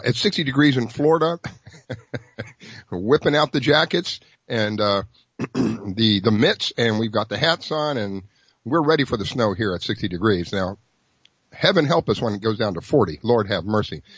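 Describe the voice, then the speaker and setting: A man's voice: medium pitch, slightly rough, no room sound. A middle-aged man hosting a fishing radio show in a chatty, folksy way, with lots of fillers and chuckles. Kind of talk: casual radio talk. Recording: dull, lo-fi, dry broadcast sound.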